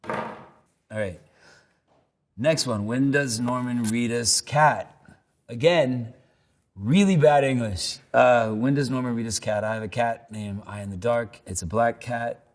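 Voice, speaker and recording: An actor based in New York answers questions at a measured pace in a mid-range voice. He's laid-back and self-deprecating, wandering through loose anecdotes.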